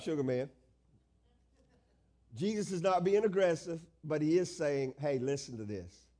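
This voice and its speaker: A man's voice: high-pitched, mellow. A male pastor preaching a sermon, stretching out key phrases and asking the congregation questions.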